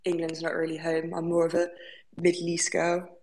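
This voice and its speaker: British-accented young woman guest, low-pitched, giggly and casual. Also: monotone, normal speed, darkish tone. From Bahrain. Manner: giggly, casual, swears freely. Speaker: guest artist. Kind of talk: casual chat.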